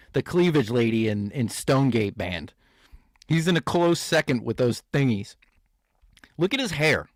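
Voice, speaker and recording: A man's voice: mid-range voice, no echo, studio quality. A man hosting a comedy reaction show, riffing sarcastically and laughing at clips. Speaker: host.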